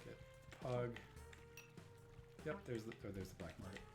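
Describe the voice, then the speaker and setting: Musing out loud while streaming a platformer live, this man rambles, interrupts himself mid-sentence and keeps tossing in "right?". He has a lowish, expressive voice at normal speed, and the audio carries a roomy echo and faint music.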